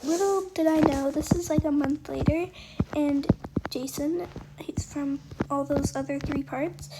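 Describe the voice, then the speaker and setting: A woman telling a rambling personal story while playing a game, full of fillers and soft, half-whispered asides. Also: high-pitched, fairly even intonation, unhurried. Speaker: storytime gamer. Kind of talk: casual storytime while gaming. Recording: loud background noise.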